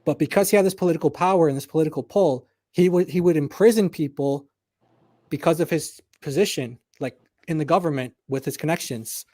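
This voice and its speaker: A man co-hosting a live online debate, explaining in a halting way and often repeating his words. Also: on the high side, darkish tone, no echo, studio quality. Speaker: co-host in a debate stream.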